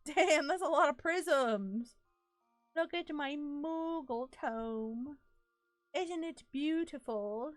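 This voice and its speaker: Casual live-stream gaming chat comes from a woman with a high voice, recorded cleanly in a studio with no echo. Laughing often, she jokes around with viewers as she plays.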